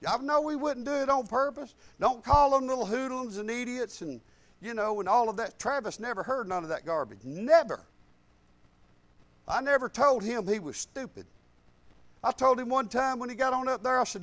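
A man's voice: extremely high pitch, moderate pace, fairly bright tone. A man in his fifties preaching a sermon, telling folksy personal stories in casual, colloquial grammar.

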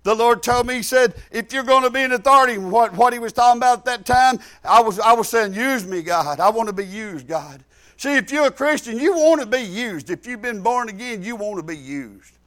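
A pastor delivers his sermon in a very high voice. His folksy talk jumps from loud, shouted lines to quiet asides. The tone is bright and forceful. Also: lively intonation, fairly quick. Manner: folksy, rising to shouts then dropping low.

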